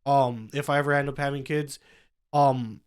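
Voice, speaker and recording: A man's voice: mid-range voice, fairly even intonation, moderate pace, smooth. A young man co-hosting a casual podcast chat, rambling with lots of fillers and restarts. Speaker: podcast co-host.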